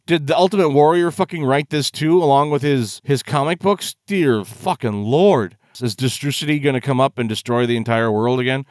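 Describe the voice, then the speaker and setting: A man's voice: mid-range voice, normal speed, hardly any pauses, a little mellow, no room sound, studio quality. A man hosting a video that reacts to game trailers, ranting in exasperation and swearing freely. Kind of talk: casual reaction commentary.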